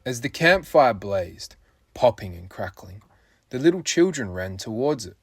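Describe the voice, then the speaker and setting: A man, a children's book author, reading his story aloud as an expressive storyteller, lifting and dropping his voice for effect. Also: mid-range voice, measured pace, breathy edge, dry recording. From Australia.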